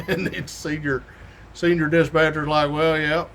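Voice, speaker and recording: A man's voice: on the high side, flat delivery, a little slow, fairly bright tone, a little hiss or hum. A middle-aged man, a police sergeant, telling stories in a folksy, drawling way and chuckling as he goes. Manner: folksy, drawling, laughs through his stories. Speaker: state police sergeant hosting a weekly show. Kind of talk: casual storytelling monologue.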